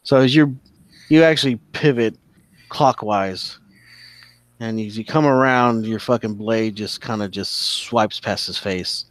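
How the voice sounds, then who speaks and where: A man running a tabletop game, with a fairly low voice on a dry, close mic. He tells the action vividly and swears freely. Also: a little slow, dry recording. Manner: vivid, profane storytelling narration. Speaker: game master. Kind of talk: narrating a tabletop game, casual and profane.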